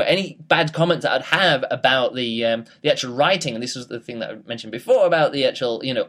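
A man's voice: mid-range voice, a bit bright. Rambling man reviewing a book. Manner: rambling, with frequent fillers and restarts. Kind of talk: casual spoken book review.

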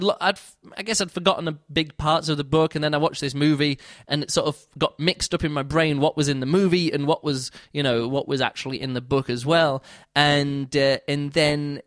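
A man talks through his thoughts on a book for his podcast, wandering off track and correcting himself as he goes. His voice sits a bit high for a man and gets excited when he quotes his own reactions. The sound is dry and close, with no room around it. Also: no echo. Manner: rambling, with many fillers and restarts; enthusiastic, rises in pitch for quoted reactions. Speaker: podcast host reviewing books. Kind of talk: casual spoken book review.

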